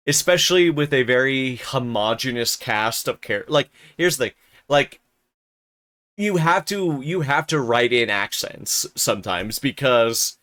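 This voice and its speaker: Slow, smooth-voiced young male streamer. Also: mid-range voice, a bit bright. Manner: rambling, many fillers and restarts. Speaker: streamer narrating a novel. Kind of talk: casual stream chat.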